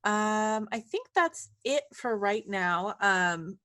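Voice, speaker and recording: A woman's voice: mid-range voice, animated, extremely slow, pushed and bright, no room sound. A woman talking casually as a tabletop game player, hesitating often with "um.". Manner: hesitant, with many "um" fillers. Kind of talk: casual chat.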